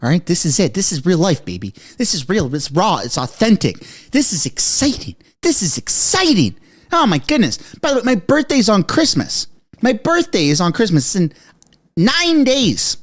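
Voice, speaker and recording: A man reacting live to breaking news from his basement, excitable and out of breath, yelling one moment and muttering the next. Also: sits high, moderate pace. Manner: excitable, shouting, swinging from frantic to muttering. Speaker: political commentary streamer. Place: home basement.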